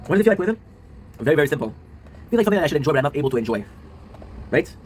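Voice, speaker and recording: Low and worn out yet very animated, a streamer and video creator in his twenties pours out a fast, rambling confessional, swearing and adding tag questions as he goes. His voice is a little high with a darkish tone, and the low-quality recording carries faint background noise.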